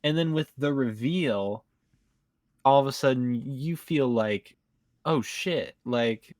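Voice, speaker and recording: A man's voice: medium pitch, slow pace, darkish tone, dry recording. Man chatting casually about games, dry sound. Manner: rambling, fills with "like". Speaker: co-host. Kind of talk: casual gaming chat.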